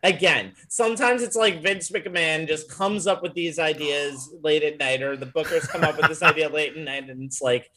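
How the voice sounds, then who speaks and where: Podcast dude, kinda high voice, super opinionated, laughs a lot. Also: male voice, normal speed, hardly any pauses. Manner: opinionated, animated, laughs often. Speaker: podcast co-host. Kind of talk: casual podcast chat.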